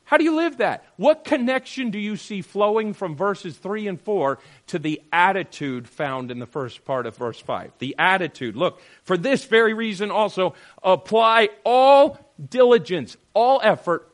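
A man leading a Bible study group, teaching in an animated, questioning way and acting out quotes. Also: high voice, measured pace, hardly any pauses.

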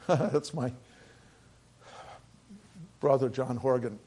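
A middle-aged male pastor preaching a sermon, emphatic, swinging between loud bursts and quiet asides, repeating phrases for stress. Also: medium pitch, extremely slow, breathy edge. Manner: repeats phrases for stress, quotes scripture and hymns.

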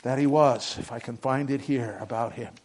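An older man preaching a sermon, moving between quiet reflective passages and emphatic raised declarations. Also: mid-range voice, steady tone, moderate pace.

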